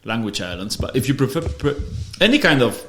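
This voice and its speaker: A man's voice: medium pitch, sing-song, fairly quick, a bit bright. A man hosting a podcast, explaining ideas in casual conversation, often restarting and repeating words. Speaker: podcast host. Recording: roomy echo.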